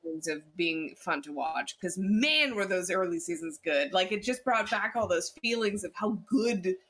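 A man's voice: sits high, lively intonation, normal speed, pushed and bright. A man co-hosting a casual podcast, often repeating words as he gathers his thoughts. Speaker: podcast co-host. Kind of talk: casual chat.

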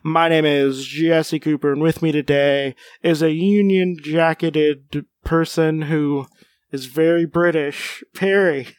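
High-voiced man ranting jokingly. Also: fairly even intonation, takes it slowly, clean tone, no room sound. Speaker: podcast host. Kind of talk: casual comic chat.

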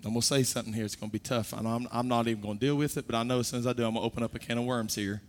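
A man preaching a sermon, moving from quiet, low talk to loud, high-pitched exhortation. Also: fairly even intonation, racing.

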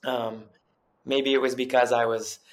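A man's voice: medium pitch, little pitch movement, measured pace. A young adult man telling his story as an interview guest, in an earnest, rambling way full of fillers and restarts. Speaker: guest chiropractor and coach.

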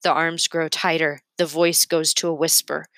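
A woman reading a novel aloud in a slow, emotional first-person storytelling manner. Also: low voice, little pitch movement, a bit bright, no room sound. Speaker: read-aloud narrator.

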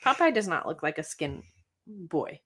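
A woman's voice: on the low side, sing-song, normal speed, fairly bright tone, breathy edge. A young woman co-hosting a casual livestream, chatting and teasing before reading stories aloud to viewers over her computer mic. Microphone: computer mic over a video stream.

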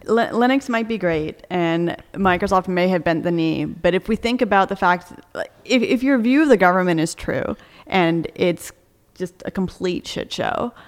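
A woman's voice: fairly low pitch, normal speed, few pauses, in a large hall. A woman co-hosting a casual podcast, arguing her points with energy and laughing often. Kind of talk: casual debate chat.

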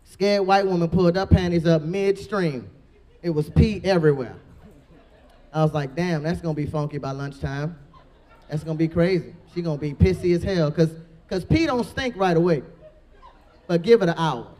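Deep dark voice, woman doing stand-up, brash and cussing a lot. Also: moderate pace. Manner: brash, profane storytelling. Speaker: stand-up comedian. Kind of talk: stand-up comedy set.

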